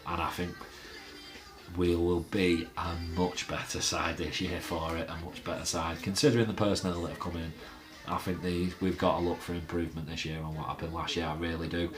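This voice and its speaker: Deep-voiced chatty man rambling about football. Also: little pitch movement, brisk, over music. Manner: rambling, chatty, with many fillers and restarts. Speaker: fan channel host. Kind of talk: casual fan vlog chat.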